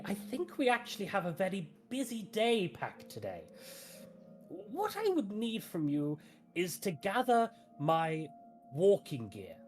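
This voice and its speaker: A woman voicing a kindly old male gnome lawkeeper who speaks in a measured, polite way. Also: deep voice, voice pushed up, full character voice.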